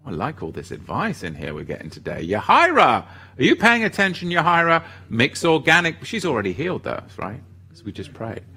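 A man's voice: medium pitch, sharp tone, breathy edge. A man hosting a ministry livestream, chatting casually and reading viewer comments aloud in an upbeat way.

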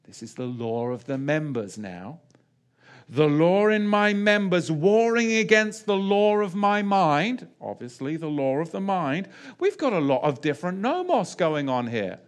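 Guy preaching a sermon, fairly high voice, swings way up and down, keeps asking the crowd stuff. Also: measured pace. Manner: animated, pitch swings widely, asks the audience rhetorical questions. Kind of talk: sermon teaching.

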